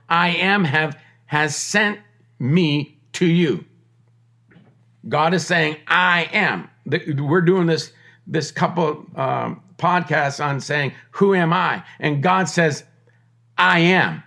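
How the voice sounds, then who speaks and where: A man's voice: a little high, fairly bright tone. A middle-aged man giving a podcast sermon, emphatic and repetitive, with conversational joking asides. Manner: emphatic preaching with repeated phrases and restarts. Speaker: podcast preacher.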